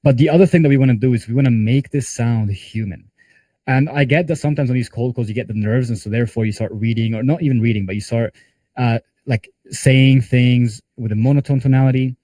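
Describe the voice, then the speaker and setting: A man's voice: medium pitch, brisk, mellow, dry recording. A man who is a sales coach, running a live group training call in a conversational way with casual fillers. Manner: conversational, talks with hands-on examples and casual fillers.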